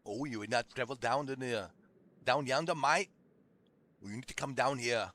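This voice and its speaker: A man's voice: mid-range voice, moderate pace, bright, forceful tone, lightly acted. A man voicing a joking outback Australian man in a goofy mock accent, calling everyone "mate". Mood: teasing.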